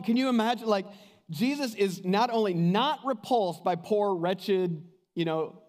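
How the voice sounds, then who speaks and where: Speaking at a moderate pace in a high voice, this man delivers a sermon as pastor. His storytelling is animated, complete with acted-out voices for the people he quotes, and the sound carries the reverb of a large hall.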